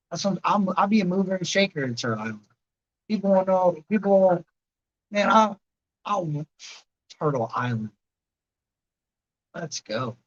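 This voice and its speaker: A man's voice: high-pitched, dull audio. A man in his late thirties hosting a livestream, rambling casually and answering chatters by name. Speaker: livestream host reading chat.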